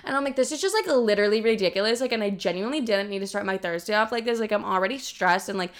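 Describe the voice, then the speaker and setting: Young woman, casual storytime vlog, chatty, profane, constant "like", mid-pitched voice. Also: racing. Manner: chatty, swears freely, leans heavily on "like". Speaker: vlogger.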